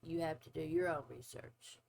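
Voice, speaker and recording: Woman in her 40s, reaction vlog host, gravelly low voice, slow and blunt. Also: darkish tone, a little hiss or hum, low-quality recording. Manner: blunt, opinionated, drawn-out asides. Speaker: former nurse. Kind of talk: casual reaction commentary.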